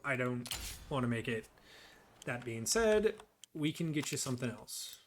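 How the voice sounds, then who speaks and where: A man hosting a let's play, joking and thinking out loud as he plays. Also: mid-range voice, very animated, measured pace, slight background noise. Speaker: gameplay host.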